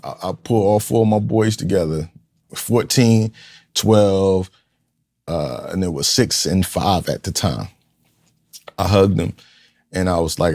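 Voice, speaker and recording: A man's voice: sits low, moderate pace, darkish tone. A man in his fifties from Newark, a community leader telling a raw, profane personal story in an interview and acting out the voices he quotes. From Newark, New Jersey, USA. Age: 50s. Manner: raw, blunt and profane, with streetwise phrasing; vividly acts out the people he quotes. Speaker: podcast guest, community leader.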